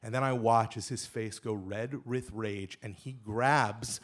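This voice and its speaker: A man's voice: lowish voice, steady tone, unhurried. Man telling a comic story on stage. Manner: emphatic, comic delivery, rising to shouts at punchlines. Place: stage at a live story event.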